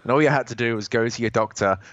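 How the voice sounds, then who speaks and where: A man's voice: mid-range voice, quick pace, a bit bright, highs cut off, slight background noise. A man from England with a posh English accent, talking in a rambling, sweary casual chat as a podcast guest. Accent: posh English, slightly Australian-tinged. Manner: sweary, rambling, repeats words.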